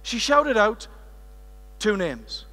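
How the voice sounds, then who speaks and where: A British keynote speaker with a very high, bright voice tells a story on a conference stage. He keeps pulling the audience in with questions, and his voice rings through the long reverb of a large hall. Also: slow pace. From United Kingdom. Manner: lively, engaging the audience directly.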